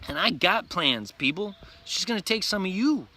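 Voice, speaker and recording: A man's voice: sits high, big pitch swings, normal speed, few pauses, pushed and bright. A man delivering an intense, profane, repetitive ranting vlog monologue, preaching at his viewers. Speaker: vlogger.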